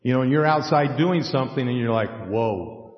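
A man preaching a sermon in an animated way, acting out scripture scenes with folksy asides. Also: medium pitch, a little fast. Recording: echoey hall, dull lo-fi sound.

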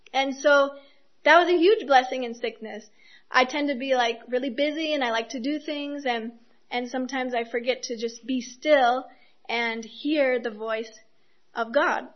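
A woman giving a sermon in an earnest, personal way, with soft laughs as she speaks. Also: sits high, muffled recording. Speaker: speaker giving a devotional talk.

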